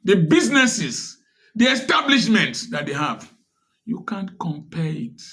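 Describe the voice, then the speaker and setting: A Nigerian man talks straight to his audience, pressing his point home with one rhetorical question after another. His voice sits a little high for a man, and he takes his time, leaning on each phrase with slow, preachy emphasis. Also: big pitch swings, pushed and bright. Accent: Nigerian English. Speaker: commentator. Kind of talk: direct-to-camera social commentary.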